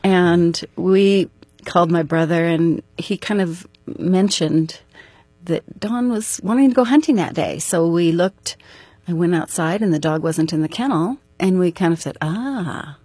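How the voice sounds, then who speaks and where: A woman's voice: lowish voice, a little slow, dark tone, dry recording. A middle-aged woman telling her story as an interview guest, recounting events earnestly and step by step. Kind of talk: personal storytelling.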